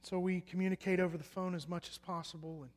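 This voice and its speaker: A young man preaching a personal testimony, swinging between loud emphatic bursts and hushed quiet lines. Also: sits high, level tone, fast. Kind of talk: sermon testimony. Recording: echoey hall reverb.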